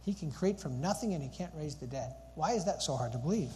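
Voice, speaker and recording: A man's voice: on the high side, lively intonation, quick pace, warm tone. A man preaching a sermon in a church hall, earnest and full of rhetorical questions. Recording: long hall reverb, faint background noise.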